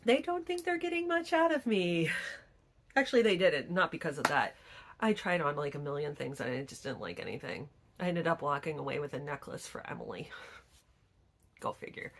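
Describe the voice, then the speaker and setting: A woman's voice: lowish voice, fairly bright tone. A middle-aged woman vlogger telling stories in casual chat, acting out the people she quotes. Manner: chatty storytelling, acts out quoted people.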